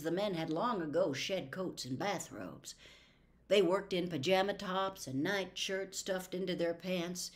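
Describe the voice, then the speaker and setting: A woman narrating a classic novel as an audiobook in a deliberate reading manner. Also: fairly low pitch, fairly bright tone. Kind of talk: scripted narration.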